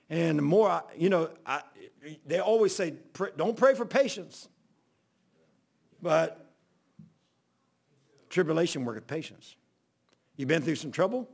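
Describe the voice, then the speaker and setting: A man's voice: a little high, gravelly. A man, a pastor telling a funny story in a folksy sermon, often laughing as he goes. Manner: folksy and laughing, acts out voices.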